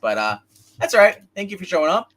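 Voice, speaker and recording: Male streamer, rambling and opinionated, lively swooping delivery, bright edge. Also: sits high, fast. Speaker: comic book livestream co-host. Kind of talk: casual live-stream chat.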